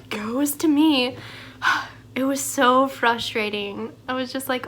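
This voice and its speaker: Chatty young woman ranting, somewhat high voice. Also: slow, fairly bright tone, slight background noise. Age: young adult. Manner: chatty, frequent "like" fillers, sighs. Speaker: vlogger. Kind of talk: casual storytelling rant.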